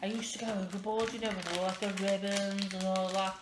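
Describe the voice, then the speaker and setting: A woman in her thirties, wrapping gifts at home for her vlog, chats and rambles in a self-deprecating way. She speaks fairly quickly in a mid-range voice with little pitch movement, and the echoey room has noticeable background noise.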